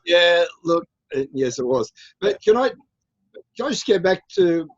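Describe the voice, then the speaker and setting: A man's voice: high voice, big pitch swings, measured pace, no echo. Man, dry muffled call audio. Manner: eager, rambling, with fillers. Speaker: poet. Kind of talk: casual chat on a video call. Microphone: video call.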